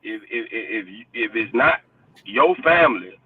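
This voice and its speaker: A man's voice: fairly low pitch, expressive, unhurried, slightly rough. A man in a heated casual debate, blunt and profane, insisting on his point and repeating himself. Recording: distant, dry, phone-like sound.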